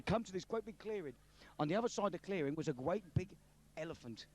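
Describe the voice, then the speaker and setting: Fast, animated joke teller. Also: male voice, high-pitched, slight background noise. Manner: animated, laughing at his own jokes. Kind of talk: pub joke telling. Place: pub.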